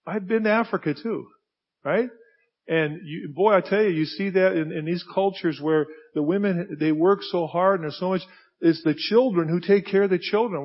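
Emphatic preaching man, lo-fi sound. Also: high voice. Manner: emphatic, swings from hushed to loud. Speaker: pastor. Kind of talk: sermon. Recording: dull lo-fi sound.

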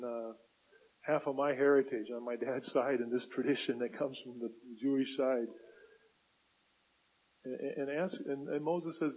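A man's voice: mid-range voice, slightly rough, dull audio. A man preaching a sermon at a church service, earnest, repeating key phrases for emphasis and often stumbling and restarting. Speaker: pastor.

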